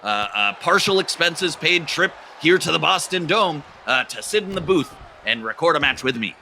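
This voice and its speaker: A man doing play-by-play commentary on an improvised comedy wrestling show, deadpan and rambling and full of "uh"s. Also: on the high side, moderate pace. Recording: noisy background.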